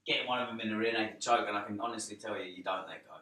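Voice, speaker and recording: A man's voice: fairly low pitch, fairly even intonation, very fast, a crowd in the background. A man in casual podcast chat, blunt and swearing freely as he tells a story. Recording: roomy, distant mic, faint ambience.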